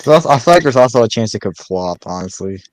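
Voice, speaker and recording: A man's voice: medium pitch, animated, fast talker, a crowd in the background, poor audio. A man in a casual podcast chat who is laid-back and mostly gives short, agreeing replies.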